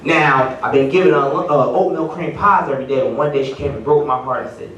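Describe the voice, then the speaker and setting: A man's voice: medium pitch, a little fast, hardly any pauses. A middle-aged man performing a stand-up comedy set at a party, telling stories and putting on voices for the people in them. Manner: animated storytelling with voiced quotes. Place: party venue with live audience. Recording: roomy, distant venue recording. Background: audience laughter.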